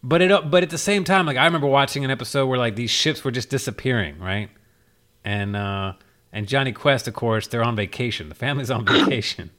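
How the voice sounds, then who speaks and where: A laid-back man hosts a podcast in loose, casual talk, stopping often on fillers. His voice sits at an ordinary middle pitch. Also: brisk. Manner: relaxed and chatty, with many fillers. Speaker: podcast host. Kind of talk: casual chat.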